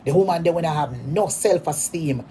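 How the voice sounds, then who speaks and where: A Jamaican woman delivering a mocking, repetitive rant at a rival, hurling insults in sudden loud bursts. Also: deep voice, moderate pace, a little hiss or hum. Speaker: social media personality.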